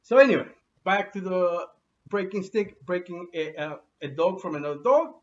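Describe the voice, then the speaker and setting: Guy with a high voice showing a how-to at home, lots of uh and restarts, muffled lo-fi sound. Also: animated, distant mic. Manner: halting, with many restarts and fillers. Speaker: dog owner giving a how-to. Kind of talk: unscripted demonstration. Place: at home with his pets. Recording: dull lo-fi sound from off mic.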